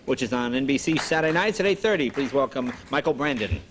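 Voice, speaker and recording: A man's voice: medium pitch, lively intonation, fast talker, very noisy. A man in his forties hosting a talk show, bantering and joking with a guest. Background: studio audience.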